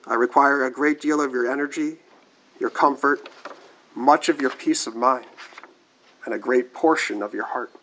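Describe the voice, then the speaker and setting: A man voicing a calm angel of life who speaks slowly and deliberately in a story told from the pulpit. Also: medium pitch, a little hiss or hum, lightly acted, low-quality recording. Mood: solemn. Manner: slow, deliberate.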